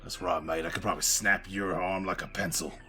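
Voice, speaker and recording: A man playing a boastful Earth-born runner in a rough put-on British accent, with a gravelly growl. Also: sits low, fairly even intonation, a little fast, pushed and bright, faint music behind, pitched below the performer's own voice. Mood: menacing. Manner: swaggering, calls people mate.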